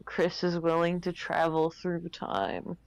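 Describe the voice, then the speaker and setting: A woman's voice: fairly low pitch, monotone, slow pace, vocal fry, clear, resonant tone. A woman chatting casually on a game stream, playful and jokey. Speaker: stream co-host. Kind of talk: casual gaming chat.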